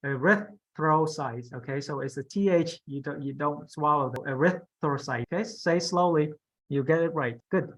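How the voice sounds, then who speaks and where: A man's voice: fairly high pitch, steady tone, moderate pace, poor audio. A man teaching a medical English class, patiently repeating terms and correcting pronunciation. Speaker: instructor.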